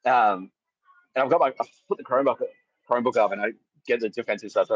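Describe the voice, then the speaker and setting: A man's voice: medium pitch, quick pace, breathy edge, dry recording. Male podcast host, laughs and swears through a rambling story, dry and slightly dull close recording. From Australia. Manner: rambling, laughing, swearing, acting out quotes loudly. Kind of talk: casual comedic storytelling.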